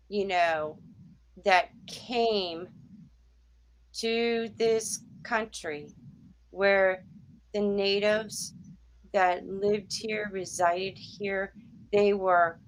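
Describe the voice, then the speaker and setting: A woman's voice: mid-range voice, pushed and bright, low-quality recording. A woman with a mid-range voice hosts an interview. She speaks earnestly and reflectively and favors spiritual phrasing. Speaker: interview host. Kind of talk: casual interview talk.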